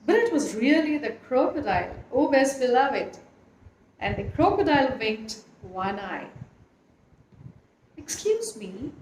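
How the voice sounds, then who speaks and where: A woman reads a storybook aloud with a high, lilting voice that swoops expressively. Her telling is animated and lively. The recording has a roomy echo and a faint background hiss. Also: moderate pace. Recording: echoey room, faint noise.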